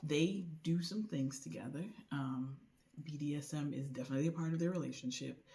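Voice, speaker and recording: Chatty woman retelling a book's plot. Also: deep voice. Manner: chatty, animated retelling with voiced quotes; colloquial with frequent "like" and "you know". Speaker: book reviewer. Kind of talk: casual book recommendation vlog.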